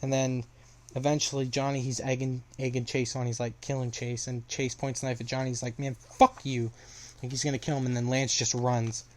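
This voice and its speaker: Monotone young man recapping a story. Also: mid-range voice, a little fast. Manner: rambling, filler-heavy retelling with restarts.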